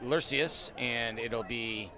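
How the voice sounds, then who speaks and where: A man calling play-by-play for a high school football game, excitable on big plays and chatty between them. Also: slow pace, a faint crowd. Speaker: play-by-play announcer. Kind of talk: play-by-play sports commentary. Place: outdoor stadium press box.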